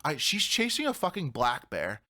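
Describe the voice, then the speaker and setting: A man on a casual podcast tells a rowdy story with a bright, slightly high voice. He swears freely and acts out his own shouts as the tale builds. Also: wildly swooping pitch, normal speed, no room sound, studio quality. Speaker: podcast co-host.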